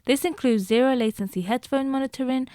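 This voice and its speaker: Mellow-voiced woman reviewing gear. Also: high voice, rapid-fire, dry recording, studio quality. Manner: explanatory, addresses viewers directly. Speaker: vlogger reviewing a microphone. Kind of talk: casual product review. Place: indoor room. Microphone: close studio dynamic microphone.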